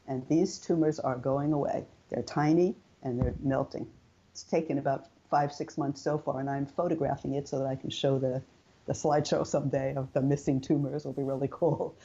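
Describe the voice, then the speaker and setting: Low-voiced woman telling her story. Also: normal speed, vocal fry, breathy edge, lo-fi sound. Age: older. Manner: chatty, animated storytelling with quoted dialogue. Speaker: interview guest. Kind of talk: personal story in an interview.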